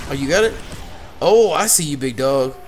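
A young man in a co-op game session, cracking jokes and calling out enemies to his teammates. His voice is a bit high and very lively. A faint hiss sits behind the headset audio. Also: moderate pace. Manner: joking, calls out enemies. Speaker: co-op player. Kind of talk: casual gaming banter.

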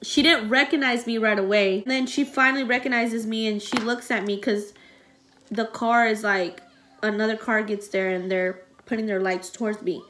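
A woman's voice: fairly high pitch, steady tone, normal speed, a bit bright, a little hiss or hum. Young woman telling an emotional story. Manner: rambling and emotional, many fillers. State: close to tears. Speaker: vlogger.

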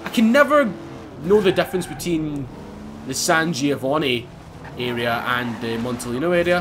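A young man giving excitable, casual commentary over his racing game, swearing and laughing as he drives. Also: fairly high pitch, normal speed, noisy background. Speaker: gaming YouTuber. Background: game music and car engines.

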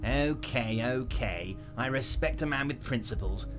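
An actor playing a large, genial but scheming male union boss in a video game, talking in a smooth, reassuring, faintly condescending way. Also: medium pitch, a little slow, music in the background, close to an everyday voice. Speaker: game character.

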